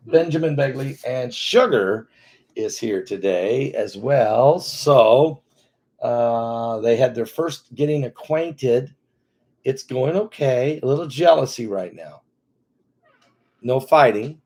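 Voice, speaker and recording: A man's voice: mid-range voice, darkish tone, slightly rough. An older man with a Midwestern American accent, hosting a casual, rambling, folksy chat with viewers and talking to his dogs. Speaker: host.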